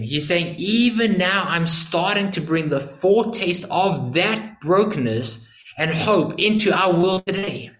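A man's voice: fairly high pitch, fairly bright tone. A male preacher giving an earnest sermon, explaining a passage and asking emphatic rhetorical questions. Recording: echoey room.

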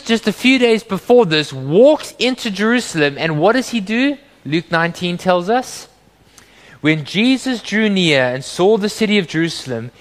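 A man preaching a sermon as pastor, earnest and animated, often acting out quoted voices. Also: sits high. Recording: long hall reverb.

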